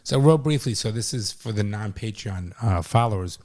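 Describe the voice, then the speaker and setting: Co-host, man, low voice, short interjections and plugs. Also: expressive, moderate pace, darkish tone. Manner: chimes in with short repeated agreements. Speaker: podcast co-host. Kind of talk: casual chat.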